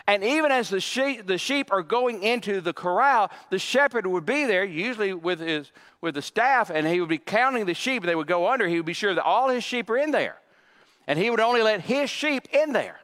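High-voiced emphatic preacher in a big hall. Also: male voice, animated, a bit bright. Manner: emphatic preaching with dramatic pauses and dry asides. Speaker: pastor. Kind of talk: sermon. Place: church sanctuary. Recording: long reverb of a large hall.

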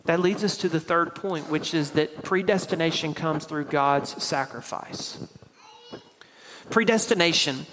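Tennessee pastor preaching in a big hall. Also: male voice, a little high, sharp tone, slight background noise. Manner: conversational preaching, explains step by step. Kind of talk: sermon. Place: church sanctuary.

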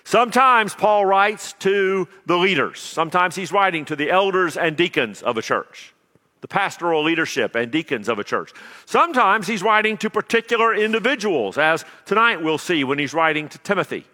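A man preaching a sermon as pastor, swinging between loud emphasis and quiet asides. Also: high-pitched, expressive, moderate pace, in a large hall.

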